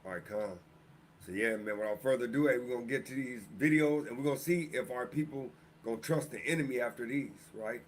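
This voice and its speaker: Man, casual host, slangy and relaxed, faint background noise. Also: medium pitch, fast talker. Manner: relaxed, loose street slang. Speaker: stream host. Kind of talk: casual chat.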